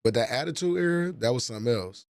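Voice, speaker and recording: A man's voice: medium pitch, expressive, quick pace, no echo, studio quality. A man in his forties chatting casually on a livestream, profane and rambling as he reminisces. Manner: profane, rambling, nostalgic storytelling. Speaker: livestream host.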